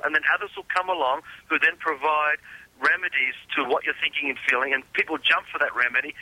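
A man's voice: a little high, pushed and bright, no room sound, rough recording. Emphatic man on a dry line. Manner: emphatic, repeats words, restarts often. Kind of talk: conspiracy talk.

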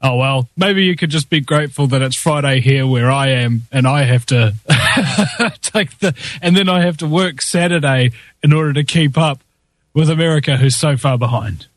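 A man's voice: fairly high pitch, moderate pace, no echo, studio quality. A man with a New Zealand accent hosting a talk show, joking and sarcastic in casual chat. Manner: jokey, sarcastic, often laughing.

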